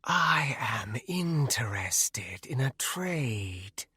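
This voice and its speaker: A man voicing a cold, commanding female shadow wraith in a whispered role-play, with a haunting, ethereal hiss and slow, clipped words. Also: mid-range voice, big pitch swings, bright, forceful tone, breathy edge, dry recording, clean studio sound, heavily acted.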